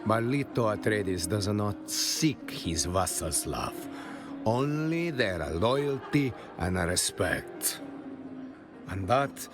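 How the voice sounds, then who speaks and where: An actor playing a grizzled male soldier veteran in a video game, telling war stories in a gruff, measured way. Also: lowish voice, animated. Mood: loyal. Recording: game audio under music.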